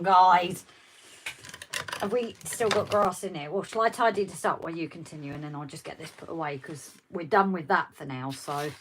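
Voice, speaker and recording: A woman co-hosting a livestream in casual, teasing chat while she works on a model. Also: lowish voice. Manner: chatty, teasing banter. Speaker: co-host of a model railway livestream. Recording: distant mic with faint noise.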